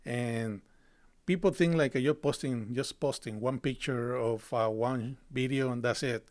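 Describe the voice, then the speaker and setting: Man speaking halting, English. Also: mid-range voice, a little mellow. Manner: halting, many fillers and restarts, non-native phrasing. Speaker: guest, marketing business owner. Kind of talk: casual podcast chat.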